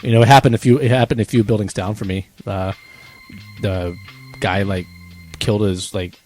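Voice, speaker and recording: Man telling a lively story. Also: fairly low pitch, moderate pace, soft background music. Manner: animated storyteller, acts out the people he quotes, laughs often. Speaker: podcast co-host. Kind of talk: casual chat.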